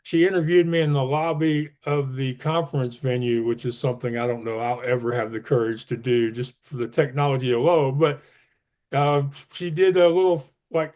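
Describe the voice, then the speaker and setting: A man's voice: medium pitch, normal speed, darkish tone. A man speaking as a podcast guest, earnest and emphatic, pushing up his voice on key advice. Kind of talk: casual interview talk.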